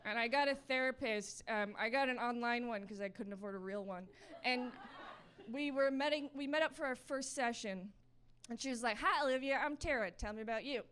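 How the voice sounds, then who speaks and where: Young woman doing standup on stage, wry chatty delivery, slightly high voice. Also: moderate pace, fairly bright tone, clean tone. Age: young adult. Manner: wry, chatty, acts out dialogue. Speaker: stand-up comedian. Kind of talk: stand-up set. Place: comedy stage with live audience.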